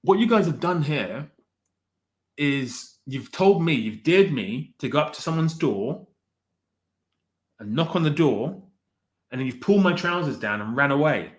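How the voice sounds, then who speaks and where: A man's voice: a little high, animated, unhurried, long pauses. Rambling man chatting to a stream. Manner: rambling, self-correcting, exasperated with chat. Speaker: streamer ranking directors with live chat. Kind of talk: casual livestream chat.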